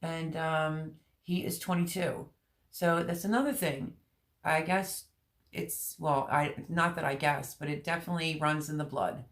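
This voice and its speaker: A middle-aged woman hosting a gardening channel, chatting candidly and emotionally with her viewers, rambling with many pauses. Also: sits low, fairly even intonation. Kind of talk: personal vlog chat with live viewers.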